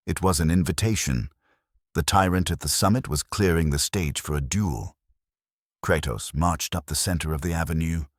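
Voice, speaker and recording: A man narrating a scripted story in a dramatic, measured way. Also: rumbling low, breathy edge, no echo, clean studio sound.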